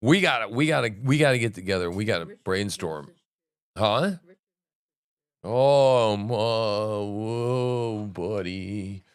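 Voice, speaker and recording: Here the same kind of livestream host reacts live at a slow pace, alternating between excited, loud bursts and quiet muttering while swearing freely. The recording is dry and close, with no room sound, and his voice comes across smooth and clear.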